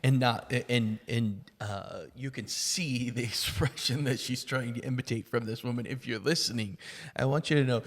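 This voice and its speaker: A man's voice: mid-range voice, normal speed, in a large hall. A man co-hosting a church podcast, telling a personal story in casual conversation, rambling along with plenty of fillers.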